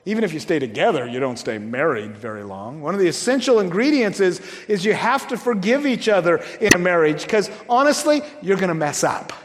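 A man preaching a sermon as pastor in a church, talking conversationally with halting restarts and joking asides. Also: high voice, big pitch swings, big-room sound, slight background noise.

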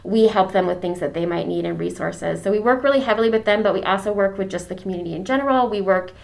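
She leads the deacons at her church and talks fast on a casual podcast, her mid-range voice gravelly. Effusive and warmhearted about the subject, she restarts often and uses lots of fillers, becoming emotional.

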